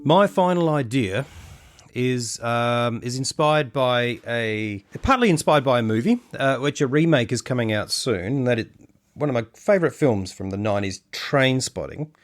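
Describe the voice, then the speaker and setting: A man's voice: mid-range voice, animated, moderate pace, faint music behind. A man co-hosting a podcast in casual chat, thinking aloud with hesitations and restarts. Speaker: podcast co-host.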